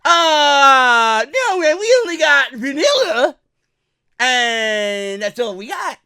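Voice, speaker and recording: A man's voice: very high voice, big pitch swings, takes it slowly, pushed and bright, no room sound, clean studio sound, voice pushed up, full character voice. A man putting on the voice of a dim, laid-back male buffet employee who stammers and hesitates. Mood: drawling.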